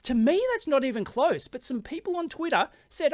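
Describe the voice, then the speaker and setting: A man's voice: very high-pitched, sing-song, brisk, no room sound. Blunt, chatty Australian man. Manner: chatty and blunt, laughs often. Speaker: electronics video host. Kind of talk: casual commentary.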